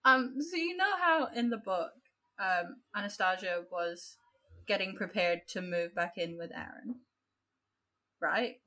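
A woman's voice: mid-range voice, measured pace, bright, forceful tone. A woman with an Australian accent, co-hosting a casual book chat podcast and ranting in a chatty way with lots of fillers. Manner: chatty, heavy use of "like", ranting. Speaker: podcast co-host.

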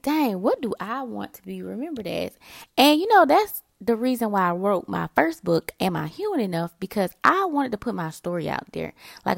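A woman's voice: mid-range voice, gravelly, no echo, studio quality. A woman hosting a podcast, talking casually and motivationally to her listeners, addressing them as y'all. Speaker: podcast host. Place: indoors, early morning.

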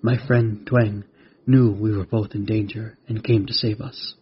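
A man voicing a calm, wise glowing mantis guardian in a storybook, speaking gently and explaining patiently. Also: lowish voice, unhurried, a little hiss or hum, close to an everyday voice. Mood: gentle. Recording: dull lo-fi recording.

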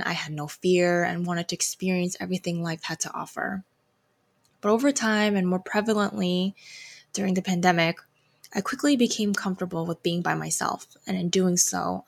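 A woman's voice: on the low side, gravelly. A woman in her twenties hosting her own podcast, reading a reflective solo intro with a slightly hesitant delivery. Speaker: podcast host.

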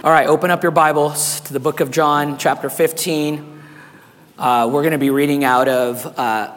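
A man preaching a sermon as pastor, hoarse and raspy, animated and calling on the congregation to respond. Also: a little high, normal speed, long reverb tail.

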